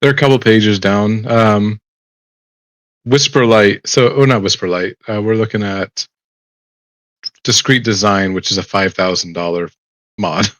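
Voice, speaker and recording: A man's voice: on the low side, steady tone, unhurried, pauses often, a bit bright, dry recording. A man playing a tabletop game, chatting casually and asking about the rules. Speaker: player.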